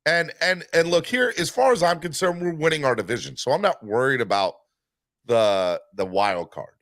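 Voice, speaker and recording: A man hosting a live sports fan podcast, talking in an animated, rambling way with many fillers. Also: on the high side, moderate pace, no room sound, clean studio sound. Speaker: podcast host.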